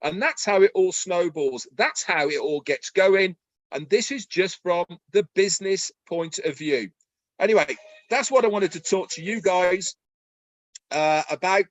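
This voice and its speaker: A man speaking excitedly on a promotional webinar, folksy and persuasive. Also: sits high, unhurried, no echo, dull audio. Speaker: webinar co-presenter. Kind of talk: enthusiastic promotional webinar talk.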